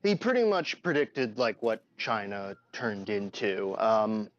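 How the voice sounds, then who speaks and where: A man's voice: fairly low pitch, big pitch swings, slow pace, no room sound. A man co-hosting a casual political chat, talking in a loose, rambling, profane way. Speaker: podcast co-host. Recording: dull, dry lo-fi mic.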